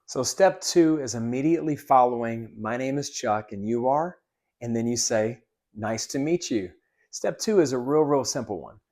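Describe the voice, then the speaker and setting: A man's voice: mid-range voice, expressive, normal speed, darkish tone. A man teaching sales greetings in an upbeat, coaching manner, now and then acting out sample lines. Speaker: sales trainer. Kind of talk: instructional talk with role-play demos.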